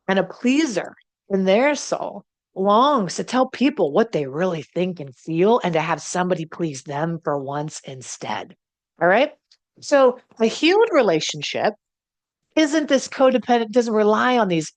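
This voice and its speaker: Brief: middle-aged woman coach, low voice, dry close sound, blunt and lively, swears freely. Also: no echo. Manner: blunt and animated, swears, addresses viewers directly. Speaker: relationship coach and teacher. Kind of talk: motivational teaching.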